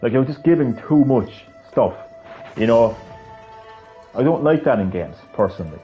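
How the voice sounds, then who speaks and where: A man's voice: medium pitch, expressive, moderate pace, highs cut off, soft background music. Rambling Irish man streaming games. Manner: rambling, swears casually, many restarts. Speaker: gaming livestreamer. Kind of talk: casual livestream chat.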